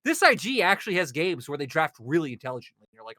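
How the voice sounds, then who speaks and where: A man co-hosting an esports panel, talking in excitable bursts with plenty of fillers. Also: on the high side, dry recording, studio quality. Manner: animated, excitable, quick bursts. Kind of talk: casual analytic chat.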